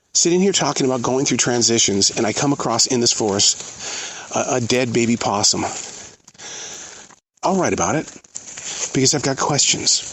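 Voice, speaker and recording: A middle-aged man speaks his thoughts aloud outdoors in a forest, earnest and a little halting as he searches for words. His voice sits at an everyday pitch. A light hiss runs under the recording. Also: fairly bright tone, poor audio. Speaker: podcast host. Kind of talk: reflective spoken monologue.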